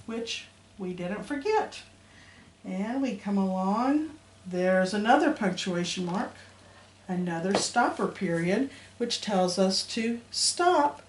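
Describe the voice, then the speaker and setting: A woman's voice: mid-range voice, expressive, a little slow. A woman teaching a phonics lesson to young children, sounding out letters in a patient, sing-song teacher voice. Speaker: elementary school teacher. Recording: roomy echo, faint background hum.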